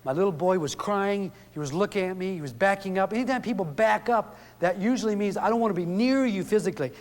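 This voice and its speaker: A middle-aged man tells earnest, folksy stories to an audience, acting out the quotes as he goes. His high-pitched voice moves at a quick pace, and the recording carries a long hall reverb.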